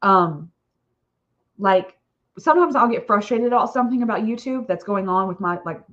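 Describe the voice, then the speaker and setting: A woman's voice: medium pitch, animated, normal speed, fairly bright tone, highs cut off. A woman author hosting a casual live stream, chatting in a rambling way with frequent "okay?" tags and little laughs.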